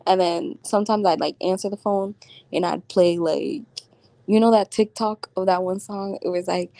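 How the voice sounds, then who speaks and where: A woman's voice: mid-range voice, steady tone, moderate pace, creaky, dark tone, no echo. A woman vlogging at home, telling a story in slangy casual chat and laughing often as she talks. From Florida.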